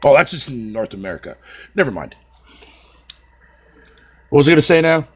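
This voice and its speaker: A man's voice: medium pitch, sing-song, normal speed, breathy edge. A man ranting profanely on a casual live stream, talking to his viewers by name and swearing constantly.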